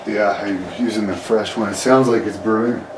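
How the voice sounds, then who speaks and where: A man's voice: lowish voice, steady tone, moderate pace, background noise. A man interviewing a guest, putting in short, level follow-up questions. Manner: brief, level prompts and follow-ups. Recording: echoey room, far from mic.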